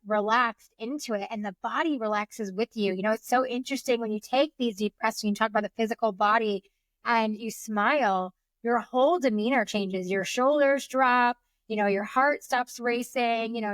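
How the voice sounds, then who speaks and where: A woman's voice: on the high side, a bit bright, no echo. A woman in her thirties, a breathwork coach as a podcast guest, talking in a casual, chatty way full of "you know" and "like". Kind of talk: casual conversational interview.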